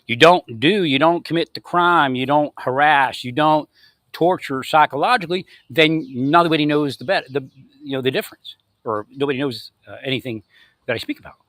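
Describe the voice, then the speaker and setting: Bright-voiced man ranting angrily. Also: a little high, normal speed, no room sound, studio quality. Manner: angry ranting, addressing unseen opponents. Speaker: vlogger. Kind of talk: confrontational monologue.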